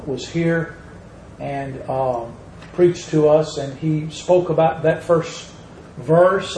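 Male preacher, measured and emphatic, faint room noise behind. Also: on the high side, darkish tone. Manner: slow, emphatic preaching with drawn-out words and rising stresses. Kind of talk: sermon. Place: church sanctuary. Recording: echoey room with faint ambience.

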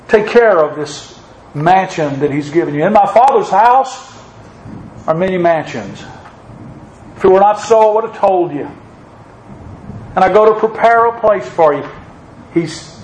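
A preacher with a notably high voice delivers his sermon in a rising, emphatic cadence. He quotes scripture and presses his points home. The sound carries the ring of a reverberant room. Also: slight background noise.

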